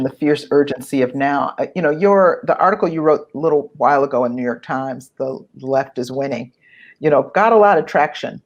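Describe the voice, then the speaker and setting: A woman moderating an online panel discussion. She frames questions for the panelists, pauses often to search for words and is affirming toward them. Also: rumbling low. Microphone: video call. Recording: dull, lo-fi video call audio.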